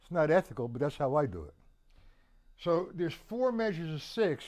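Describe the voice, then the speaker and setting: A man's voice: fairly high pitch, very animated, normal speed, a little mellow. A man teaching a casual drum lesson, chatting with viewers and counting beats aloud. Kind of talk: live-streamed drum lesson.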